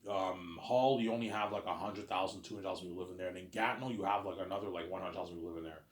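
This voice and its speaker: A Canadian vlogger with a deep voice rattles off a rapid-fire, rambling casual monologue, repeating himself, swearing offhandedly, and often asking "you know what I'm saying". The sound is roomy.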